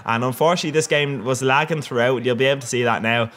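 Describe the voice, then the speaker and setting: A man's voice: medium pitch, quick pace. A young man with an Irish accent giving casual, rambling and cheeky commentary over his football video game matches. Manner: rambling and cheeky, with bursts of excitement. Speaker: gaming commentator.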